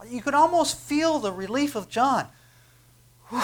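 High-voiced preacher swinging hushed to booming. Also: male voice, animated, a little slow, pauses often. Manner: emphatic, swings from hushed to booming, rhetorical questions. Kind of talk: sermon.

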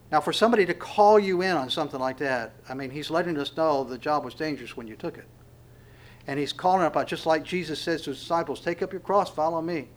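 A man delivers a sermon in an earnest, teaching voice pitched a bit high for a man. He slows down to lean on key words, swells into emphatic calls and then drops low and quiet. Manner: earnest preaching, rising to emphatic exhortation. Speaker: pastor.

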